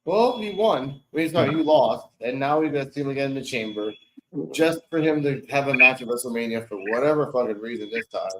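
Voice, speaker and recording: A man's voice: medium pitch, a little fast, slight background noise, rough recording. Loose-talking man hosting a chat. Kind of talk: casual chat.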